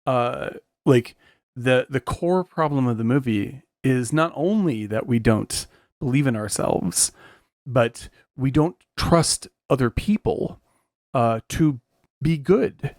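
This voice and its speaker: A man co-hosting a film podcast, thinking out loud with frequent fillers and restarts. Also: mid-range voice, animated, slow, no room sound, clean studio sound. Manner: searching for words, many restarts and fillers. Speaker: podcast co-host. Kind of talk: casual film discussion.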